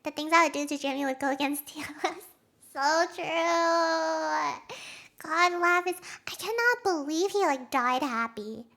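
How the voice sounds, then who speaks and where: High bright excitable young woman streamer. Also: unhurried, gravelly. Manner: excitable rambling, acts out quotes, laughs often. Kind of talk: casual chat with stream viewers.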